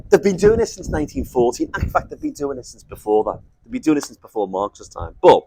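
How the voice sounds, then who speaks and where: A man's voice: mid-range voice, low-quality recording. A man giving an informal lecture, rambling and self-interrupting, with jokey asides.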